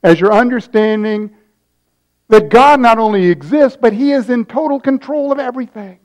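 A man preaching a sermon, telling a story and acting out its voices, swinging from loud high bursts to soft asides. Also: moderate pace, poor audio. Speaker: pastor.

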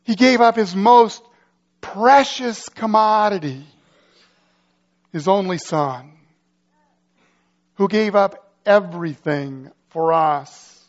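High-voiced preacher, dramatic and urgent. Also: male voice, takes it slowly, pauses often, muffled recording. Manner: dramatic, builds urgency with rhetorical questions. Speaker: pastor. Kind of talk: sermon.

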